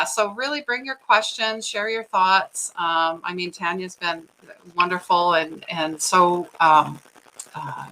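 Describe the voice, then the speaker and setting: A middle-aged woman hosting a casual talk to her viewers, chatty and animated, laughing often and checking in with "right?". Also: on the low side, a little hiss or hum, poor audio. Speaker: host of a livestream on personal growth.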